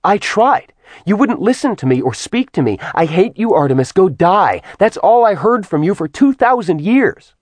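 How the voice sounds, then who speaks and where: A man's voice: on the high side, sing-song, unhurried, dry recording, voice pushed up. A man voicing a bitter, cold immortal goddess in an audiobook, speaking in a hard, accusing tone.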